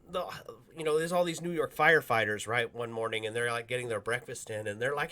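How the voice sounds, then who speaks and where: A man, co-hosting a casual podcast, telling a story and acting out the quotes with loud bursts and laughter. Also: medium pitch, quick pace, few pauses. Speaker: podcast co-host.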